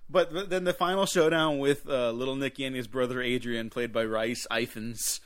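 A man co-hosting a movie review podcast, retelling scenes in an animated way and laughing often. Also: mid-range voice, moderate pace. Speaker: podcast co-host. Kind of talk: casual movie review chat.

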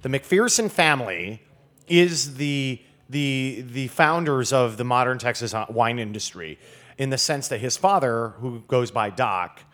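A man's voice: mid-range voice, animated, unhurried, a bit bright. A man who is a guest wine expert, talking in a casual podcast chat and telling stories in a rambling way with many fillers. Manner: rambling, lots of fillers and restarts, storytelling.

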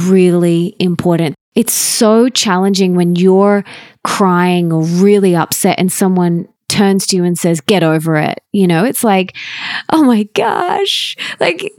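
A woman hosting a podcast interview, talking warmly and reflectively about relationships in an eager, conversational way. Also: lowish voice, no room sound, studio quality. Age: adult, stepmother of an eleven-year-old. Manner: enthusiastic, reflective, speaks of her book and family. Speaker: podcast host.

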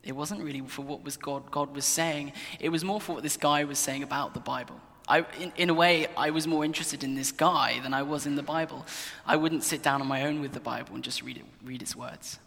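A man's voice: on the high side, brisk, creaky, pushed and bright, long reverb tail. A young man candidly telling his personal Christian testimony at his desk in a casual, earnest way, sometimes restarting sentences. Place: desk in his own room.

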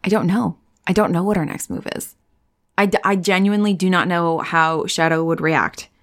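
A woman playing a tabletop game, chatting casually and thinking out loud with a wry edge. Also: lowish voice, fairly even intonation, normal speed.

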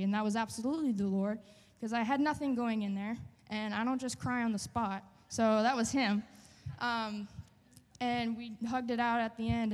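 A woman sharing a personal testimony in church, earnest and halting, with many fillers. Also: a little high, a little mellow, in a large hall. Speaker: church member giving testimony.

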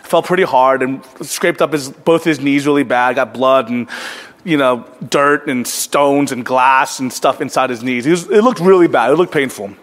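A man preaching a sermon as a pastor, telling a story in a conversational, earnest way that sometimes sinks to a hush. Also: mid-range voice, moderate pace. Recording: long hall reverb.

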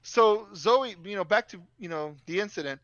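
A man's voice: sits high, normal speed, fairly bright tone, no room sound, dull audio. A young man telling a story in a casual, profane, ranting way.

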